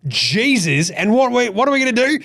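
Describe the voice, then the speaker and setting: An Australian man hosting a sports show, ranting loudly and swearing in a casual, animated way. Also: very high voice, brisk, gravelly. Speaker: host.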